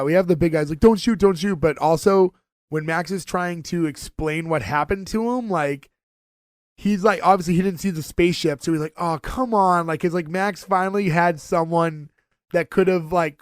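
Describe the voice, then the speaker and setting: Podcast co-host, man, casual and animated, retelling scenes. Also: fairly high pitch, no echo, clean studio sound. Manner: animated, lively retelling with many fillers. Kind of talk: casual chat recapping a TV episode.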